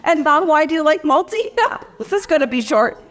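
A woman's voice: high voice, lively intonation, moderate pace. A woman making a playful, mock-formal debate case in a chatty way.

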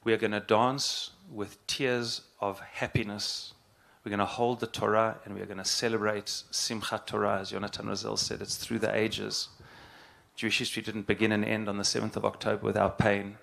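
Gravelly low-voiced middle-aged rabbi. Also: male voice, flat delivery, a bit bright. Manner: earnest, halting, repeats phrases for emphasis. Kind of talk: reflective spoken address.

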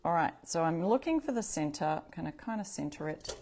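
Her low voice is animated and a little fast, with background noise around it. A craft livestream host, she runs a live upcycling session from her home craft space, chatting to viewers, voicing their comments, and correcting herself as she works.

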